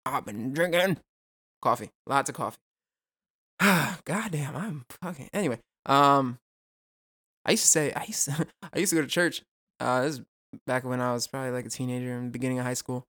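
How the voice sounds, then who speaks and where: A young man talks fast into his podcast mic in a loose, rambling monologue. He swears casually, drifts into tangents and pokes fun at himself, with a pitch that sits in the middle of the male range. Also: bright, forceful tone. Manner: rambling, profane, goes off on tangents; jokey, self-mocking asides. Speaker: podcast host.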